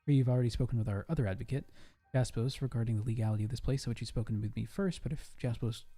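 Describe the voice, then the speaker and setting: A man reading out the lines of a grave male leader of a hidden refuge in a video game, in a measured, formal way. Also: mid-range voice, dark tone, close to an everyday voice. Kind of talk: reading game dialogue aloud.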